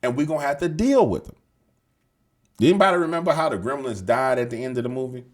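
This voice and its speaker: A man's voice: medium pitch, fast. A man hosting casual news commentary, slangy and emphatic, swearing and repeating himself as he rambles. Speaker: show host.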